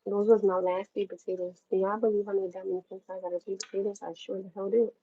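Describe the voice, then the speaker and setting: A woman's voice: mid-range voice, flat delivery, fast talker, dark tone, slightly rough, lo-fi sound. A woman from New York chatting casually to her livestream viewers while cooking at home, rambling and talking straight to them. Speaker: livestream host.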